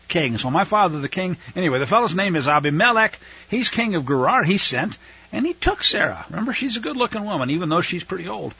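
Lively man teaching scripture, lo-fi sound. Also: a little high, husky. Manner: lively, explains Hebrew words, paraphrases in casual asides. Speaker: Bible teacher. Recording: dull lo-fi recording.

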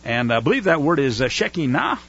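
A man giving a casual, animated Bible study and teaching through a Torah portion. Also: fairly high pitch, a little fast, creaky, slightly rough, muffled recording. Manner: animated, acts out whining voices.

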